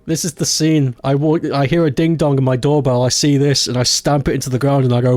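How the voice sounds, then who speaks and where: A man's voice: mid-range voice, flat delivery, brisk, few pauses, darkish tone, dry recording, faint music behind. A man chatting casually on a live stream, joking around, laughing often and swearing freely.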